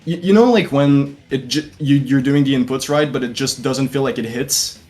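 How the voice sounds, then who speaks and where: A young man recounts his tournament run in a casual post-race interview, animated and full of swearing. His voice has an ordinary middle pitch. A little music sits in the background. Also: normal speed. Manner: animated storytelling, heavy swearing. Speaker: tournament competitor being interviewed.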